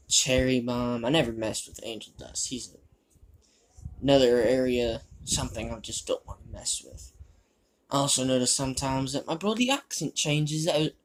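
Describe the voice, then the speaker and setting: A man's voice: medium pitch, lightly acted. A man voicing a crude, boastful male spider demon in a fan fiction monologue, rambling and gleeful about violence, with a shifting put-on British-style accent.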